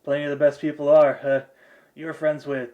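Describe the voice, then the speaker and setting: An easygoing, friendly man, voiced by a game master, talks quietly in a slightly lower tone. He sounds casual and a little worried. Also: little pitch movement, normal speed, muffled recording, close to an everyday voice. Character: friendly male boat companion, easygoing, worried.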